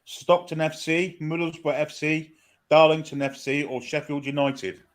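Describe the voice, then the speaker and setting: A man's voice: on the high side, fairly even intonation, moderate pace, slight background noise. A man with a North East English accent reading out multiple-choice quiz questions, with dry, teasing replies. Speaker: co-host asking quiz questions.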